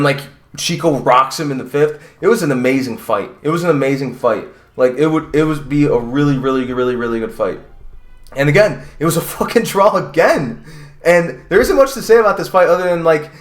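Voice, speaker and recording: A man's voice: on the high side, a bit bright. Profane, rambling guy in an echoey room. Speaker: combat sports commentator. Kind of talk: casual profane fight recap. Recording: roomy echo.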